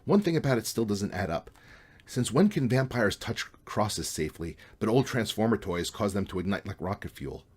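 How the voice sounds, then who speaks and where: A man's voice: lowish voice, moderate pace, husky. Storybook roommate, young man, dry and unimpressed, read by a man. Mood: deadpan. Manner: dry, deadpan.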